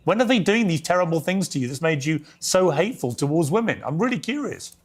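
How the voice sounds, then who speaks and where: A man's voice: a little high, big pitch swings, fast talker, breathy edge. A man interviewing a guest, pressing him with pointed, confrontational questions.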